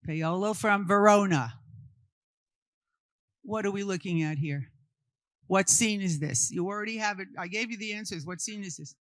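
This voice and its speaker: A Brooklyn, New York woman gives an interactive art history talk to a live group, firing questions at the audience before answering them herself. Her medium-pitched voice moves at a moderate pace with long pauses, and the recording is dry.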